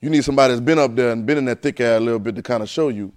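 A man preaching a sermon, telling a childhood story with lively, animated delivery. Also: mid-range voice, rapid-fire. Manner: animated storyteller, rising to excited near-shouting.

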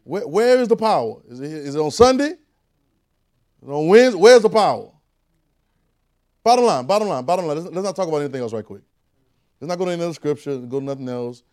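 A man preaching a conversational sermon, repeating phrases and rising to shouted calls. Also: fairly high pitch, animated, quick pace, long pauses, clear, resonant tone.

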